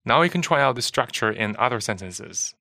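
A man's voice: medium pitch, lively intonation, brisk, creaky, sharp tone, dry recording, clean studio sound. A man from China co-hosting a language lesson podcast, giving short answers and modeling pronunciation. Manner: brief, affirming, models pronunciation.

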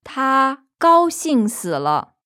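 Woman teaching a language lesson, slow patient explainer, voice goes up and down a lot. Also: sits high, big pitch swings, bright, forceful tone. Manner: patient, explains slowly, gives example sentences. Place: studio in Beijing.

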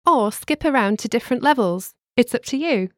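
A woman co-hosting a scripted language lesson, with a clear teacherly delivery that slows down to spell words out. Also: on the high side, expressive, no room sound, studio quality.

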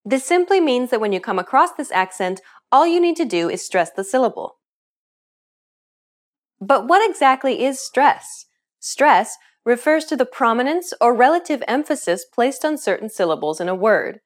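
An upbeat woman narrates a scripted lesson, explaining each point clearly and checking in with questions. Her voice sits a little high and moves with lively, wide swings of pitch. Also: moderate pace. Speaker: language teacher.

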